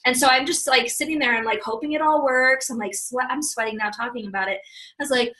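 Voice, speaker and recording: A woman in her early thirties telling a personal story on a panel, chatty and animated, acting out her own past thoughts. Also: high-pitched, fast, rough recording. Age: 30s.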